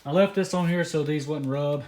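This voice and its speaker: A man in his twenties from the American South, excitedly unboxing car parts in a rambling vlog, a bit out of breath. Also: on the high side, normal speed, reverberant. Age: 20s. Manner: excited, rambling, many fillers. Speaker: car vlogger.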